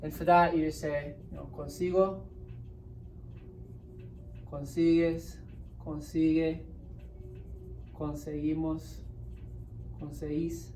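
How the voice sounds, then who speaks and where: A woman's voice: low-pitched, little pitch movement, takes it slowly, long pauses, warm tone. A woman teaching a Spanish grammar lesson, explaining step by step and often checking in with "right?". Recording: roomy echo, distant mic, faint hiss.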